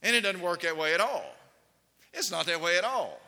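High-voiced and sharp in tone, this pastor speaks at normal speed with big swings in pitch. His sermon mixes storytelling with questions aimed at the congregation, all wrapped in long hall reverb.

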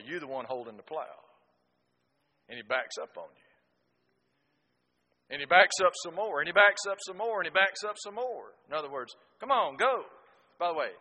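Man preaching in a reverberant hall. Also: medium pitch. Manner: folksy storytelling, swings from loud exclamations to quiet asides. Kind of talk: sermon.

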